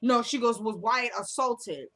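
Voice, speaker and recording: A woman's voice: a little high, unhurried, fairly bright tone. Chatty woman recapping a TV episode. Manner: chatty, acts out both characters' lines. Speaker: recap vlogger.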